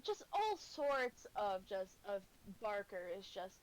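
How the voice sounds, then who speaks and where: A woman's voice: mid-range voice, big pitch swings, slow, a little hiss or hum, poor audio. A woman narrating a tabletop game as game master, hesitant and giggly with many fillers.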